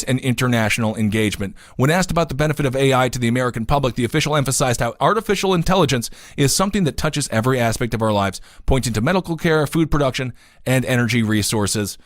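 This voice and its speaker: Fast and animated, a mid-range male voice co-hosts a casual political podcast out of a New York City home studio. He reads news, rambles into jokes, and gets emphatic and fired up, all in clean studio sound with no room noise.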